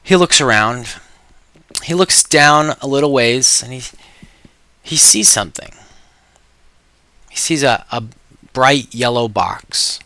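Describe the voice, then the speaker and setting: Telling dramatic stories to sell, a man runs a webinar pitch that presses emphatically for an immediate purchase. He speaks at medium pitch in a pushed, bright tone, and the recording is dry.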